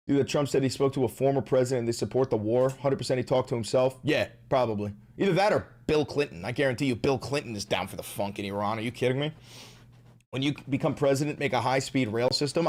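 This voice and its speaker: A man hosting a live stream, ranting about politics with heavy swearing and sudden shouts. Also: medium pitch, fast talker. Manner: profane, ranting, bursts into shouting. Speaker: livestream host.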